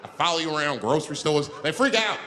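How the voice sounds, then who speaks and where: A man doing stand-up comedy on stage, an animated, profane storyteller whose pitch jumps up for emphasis. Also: fast talker. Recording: live show, loud crowd and noise.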